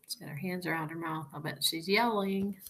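A woman's voice: on the low side, a bit bright. A woman teacher giving a recorded reading lesson, patiently explaining sounds, sight words and punctuation. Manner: patient, explanatory, slow and deliberate.

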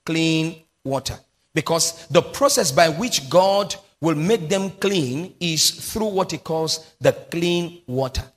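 Long hall reverb surrounds this high-pitched, fairly bright male voice: a pastor speaking Nigerian English, preaching in a large church. He has the congregation repeat key phrases back to him and moves into prophetic prayer.

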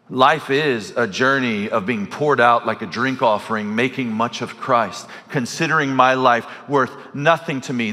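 A male pastor delivers a sermon with a bright, forceful voice. He tells stories in an animated way and often restarts his sentences. His words ring out with the long reverb of a big church sanctuary. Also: lowish voice. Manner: animated storytelling with frequent self-corrections.

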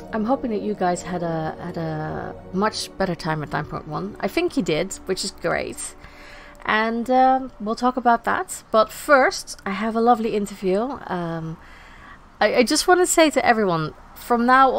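A woman's voice: on the low side, vocal fry. A woman who is not a native English speaker, hosting a podcast in a casual, chatty way and laughing often. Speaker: podcast host.

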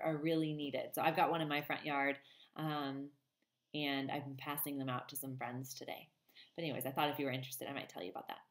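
A woman's voice: low-pitched, echoey room. A woman teacher reading a children's novel aloud to her class and chatting to them, with a chatty manner and frequent ums. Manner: warm, chatty, many ums.

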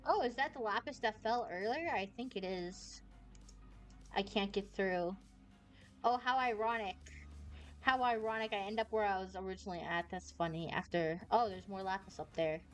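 A bubbly woman streamer chats her way through a game, rambling from thought to thought. She squeals and yelps when things go wrong. Soft music plays faintly under her voice. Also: mid-range voice, moderate pace. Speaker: VTuber streamer. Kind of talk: casual gameplay commentary.

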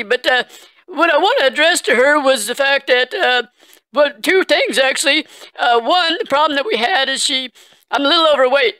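Brief: man playing a high, bright-voiced bumbling caller, lovesick and slow-witted, dry close sound. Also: no room sound. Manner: halting, stammering, full of fillers. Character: dim-witted, heartbroken, rambling male caller. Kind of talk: prank phone call comedy bit.

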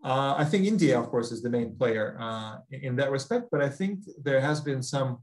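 A man's voice: medium pitch, expressive, normal speed, a little mellow, rough recording. A man with a Russian accent answering an audience question in an academic talk, hesitant, with many fillers and restarts. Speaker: guest speaker.

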